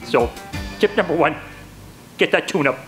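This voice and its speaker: A man's voice: on the high side, moderate pace, faint music behind, lightly acted. A man playing a folksy, hammy car dealer, delivering a comedic sketch monologue in salesman patter. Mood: choked up. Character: hammy, folksy male used-car dealer giving tips.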